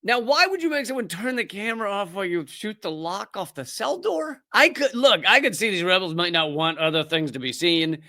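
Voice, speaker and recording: A man's voice: high voice, animated, brisk, hardly any pauses, sharp tone, a little hiss or hum. A man hosting a comedy show, mocking news footage in a wry, sarcastic commentary. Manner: mocking, wry, thinking aloud with restarts.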